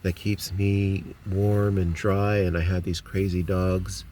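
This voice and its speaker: Sitting in a parked car with his phone, a man from the United States chats casually to his viewers in a low, mellow, slow voice with little pitch movement. He rambles with lots of ums and restarts, and a little hiss or hum is audible.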